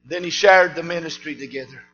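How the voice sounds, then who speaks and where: A man preaching a sermon, swinging between shouted preaching and low asides. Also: fairly quick, dull audio.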